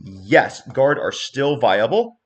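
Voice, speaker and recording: A man hosting a casual livestream chat, animated and chatty, laughing easily and explaining with confidence as a coach. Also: mid-range voice, slow. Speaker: host and coach.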